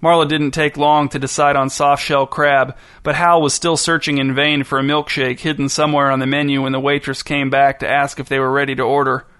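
A man reading a story aloud in a measured, deadpan narration. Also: mid-range voice, dry recording, clean studio sound. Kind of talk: scripted narration.

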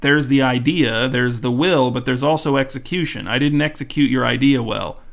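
An earnest, slightly hesitant man who doubts himself, with a gravelly edge to his voice, as a male narrator reads him. His lines come in a plain storybook reading. The voice stays mid-range for a man. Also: medium pitch, moderate pace, natural voice. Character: eager, earnest man doing good deeds.

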